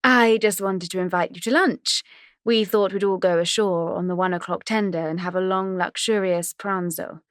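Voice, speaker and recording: A woman's voice: fairly low pitch, fairly even intonation, normal speed, dry recording, clean studio sound, natural voice. A woman narrator voicing a chirpy, pushy woman who gushes over everyone on a cruise. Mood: bubbly. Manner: chirpy, effusive.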